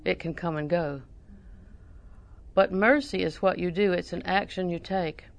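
A woman's voice: on the low side, unhurried, creaky. Folksy older woman preaching a sermon. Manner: folksy storytelling, emphatic repetition.

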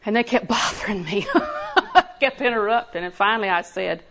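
A woman's voice: mid-range voice, normal speed, fairly bright tone. A woman preaching a sermon in a conversational way, laughing often and building emphasis.

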